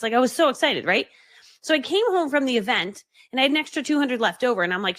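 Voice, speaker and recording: A woman coaching her audience in a rapid, lively stream, her fairly high voice swinging widely up and down. She acts out the voices in her story as she goes, and the sound is close and dry with no room around it. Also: no echo. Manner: fast-talking, animated, acts out quoted voices; laughs often mid-story. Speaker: business coach. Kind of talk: live storytelling talk to an online audience.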